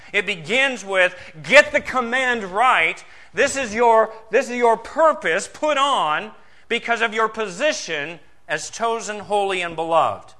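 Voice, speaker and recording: Delivering a sermon, a male pastor asks rhetorical questions while swinging from forceful, loud points to soft, low stretches.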